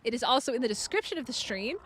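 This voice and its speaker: A woman streaming a video game live, commenting as she plays, excitable and quick to exclaim and laugh. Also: on the high side.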